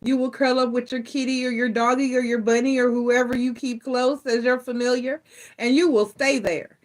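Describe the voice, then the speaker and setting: A woman's voice: high voice, steady tone, normal speed, poor audio. A woman giving a casual tarot reading in a chatty, playful, teasing way. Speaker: tarot reader.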